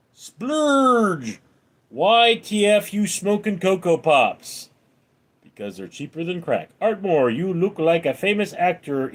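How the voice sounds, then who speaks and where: A man hosting a late-night live stream, reading viewer comments aloud and answering them with deadpan one-liners. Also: medium pitch. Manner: deadpan quips between read-out comments. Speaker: livestream host reading chat.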